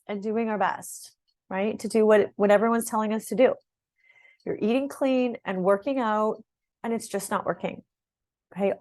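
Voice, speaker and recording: A woman's voice: medium pitch, a little mellow. A middle-aged woman fitness coach talking straight to her viewers about a program, in a chatty style. She repeats words and often checks in with "right?" and "okay?". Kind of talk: direct-to-camera program overview.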